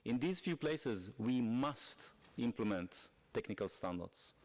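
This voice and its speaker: A man's voice: mid-range voice, animated, a little slow, a little mellow. A man speaking for industry on a conference panel, emphatic and persuasive. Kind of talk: conference talk.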